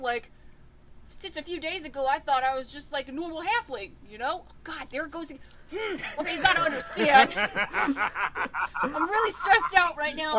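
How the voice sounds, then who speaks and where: A woman's voice: high voice, bright, forceful tone. A woman voicing a stressed young male halfling wizard whose accent keeps slipping as he talks. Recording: faint background noise.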